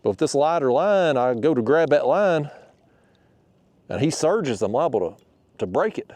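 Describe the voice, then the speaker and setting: A man's voice: on the high side, very animated, normal speed, a little mellow, no echo. A man talking casually to his audience while fishing from a kayak on a river, full of folksy exclamations. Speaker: fishing vlogger.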